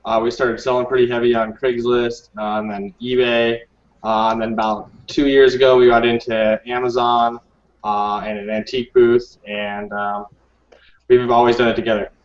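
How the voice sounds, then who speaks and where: A man answers interview questions as a guest on a live stream, pausing often with ums and uhs. His voice comes over an online call from some distance off the mic, with a roomy echo and dull, muffled sound. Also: mid-range voice, flat delivery. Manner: hesitant, many ums and uhs.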